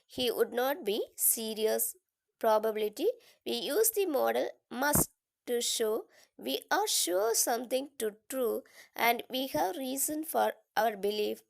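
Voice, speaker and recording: A woman teacher, reading a grammar lesson aloud slowly and deliberately. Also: on the high side, expressive, gravelly. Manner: slow, deliberate, careful reading. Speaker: English teacher.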